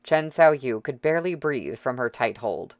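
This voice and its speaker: A man reading a novel aloud as audiobook narrator, steady and dramatic. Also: medium pitch, measured pace, no echo.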